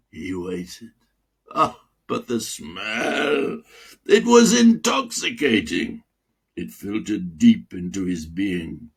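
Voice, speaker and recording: A man voicing an older Russian medical dean with a Russian accent and a deep velvety voice, telling a teasing story slowly and theatrically. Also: a bit bright, breathy edge, heavily acted. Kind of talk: memoir reading aloud.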